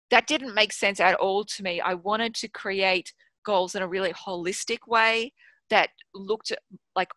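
A dry recording captures her mid-range voice: an Australian woman in her thirties who works as a guest author and business mentor. Casual and frank, she swears freely and brings her stories to life by acting out what she was thinking.

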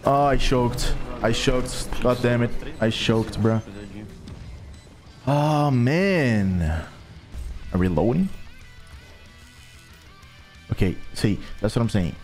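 A man's voice: medium pitch, expressive, slow pace, pauses often, a little mellow, faint music behind. A man commentating his own gameplay with brash, crude trash talk and exasperated rants. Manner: exasperated, ranting.

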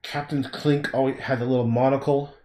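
A man's voice: mid-range voice, level tone, brisk, mellow, reverberant. A man thinking aloud in a rambling, casual way as he paints during a livestream, often breaking off and muttering to himself. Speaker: painter livestreaming his work.

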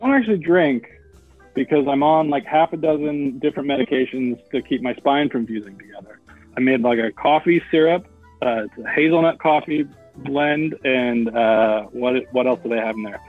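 A man talks in an offhand, rambling way as a comedian guest, his voice sitting at an ordinary middle pitch. The sound comes through a thin, tinny call line. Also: normal speed, soft background music. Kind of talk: casual chat. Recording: tinny phone-like call audio.

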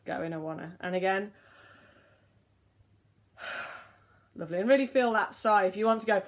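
A woman, a voice teacher gently leading a relaxation and vocal warm-up lesson in a soothing, unhurried way. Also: mid-range voice. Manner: gentle, soothing, slow guiding instructions.

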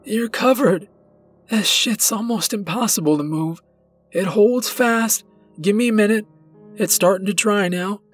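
A man's voice: high-pitched, a little slow, slightly rough, soft background music, pitched above the performer's own voice. A man voicing a rural stranger, first urgent and helpful, then strained and crying out in pain.

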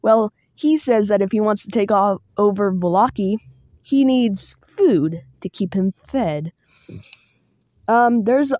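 A woman talks through a tabletop game guide in a loose, chatty way, wandering into small asides. Her voice sits at an ordinary middle pitch. The sound is dry, with no room around it. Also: a little mellow, no echo. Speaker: tabletop game master giving advice. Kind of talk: casual spoken guide.

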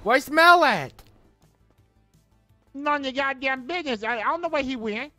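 A man's voice: extremely high pitch, fast, bright, forceful tone, no echo, soft background music. A man roleplaying in a video game, hot-tempered and profane, blustering about his crew. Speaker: roleplay player.

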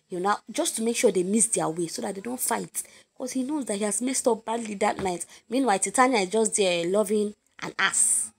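Nigerian woman, literature lesson, chatty and direct, husky, gravelly tone. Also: mid-range voice. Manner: chatty, animated, addresses listeners directly. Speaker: literature teacher. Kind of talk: informal lesson summary.

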